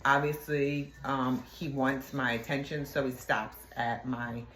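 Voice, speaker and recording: A middle-aged woman, a former police detective, telling a workplace story in a halting way, with many fillers and asides. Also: rumbling low, fairly even intonation, a bit bright, slight background noise. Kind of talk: casual storytelling. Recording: echoey room.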